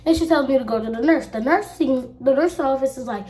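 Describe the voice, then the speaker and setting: A woman's voice: sits high, a little fast, mellow, a little hiss or hum. Chatty young girl telling a story. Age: child. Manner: chatty storytelling, acts out quoted people. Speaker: vlogger. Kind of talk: storytime while getting ready. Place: at home.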